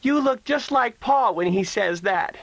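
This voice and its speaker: A scheming little sister in a western storybook, her voice pitched up high and thin as a man acts her out. She whines and wails, drawn out and pleading, and the read sounds close and dry. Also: animated, unhurried, creaky, a bit bright, dry recording, heavily acted, low-quality recording. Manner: wailing, whiny and pleading. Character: young girl, scheming pug-nosed little sister.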